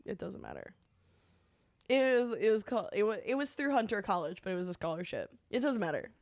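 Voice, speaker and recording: Lively, teasing young woman co-host. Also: mid-range voice, no echo, clean studio sound. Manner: teasing, quick to laugh. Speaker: podcast co-host and comedian. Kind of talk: casual comedy podcast chat.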